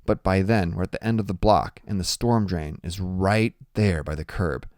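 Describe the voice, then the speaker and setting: A man's voice: low voice, moderate pace, darkish tone, dry recording, studio quality. A man narrating an audiobook in the first person, in a plain, conversational storytelling manner.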